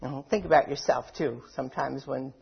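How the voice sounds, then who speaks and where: A woman's voice: a bass voice, fairly quick, creaky, breathy edge, dull audio. A woman giving a conversational talk to a live audience, often saying 'you know' and acting out inner voices. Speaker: workshop speaker.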